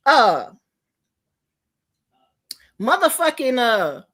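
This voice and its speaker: A woman's voice: sits high, sing-song, very slow, fairly bright tone. An older woman streamer in a profane, confrontational livestream rant.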